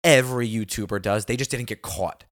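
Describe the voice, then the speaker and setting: A man's voice: medium pitch, fairly quick, fairly bright tone. A man co-hosting a podcast in casual chat, rambling and emphatic, swearing freely. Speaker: podcast co-host.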